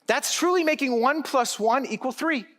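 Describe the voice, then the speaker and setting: A middle-aged man gives a keynote speech at a conference. His voice sits high for a man, and he talks in an animated, direct way and teases the crowd. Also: moderate pace. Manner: animated, direct, joking with the audience.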